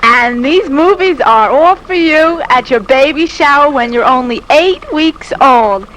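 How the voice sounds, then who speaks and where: A woman's voice: sits high, animated, unhurried, a bit bright, slight background noise, poor audio. A new mother talking casually and tenderly on a family home video.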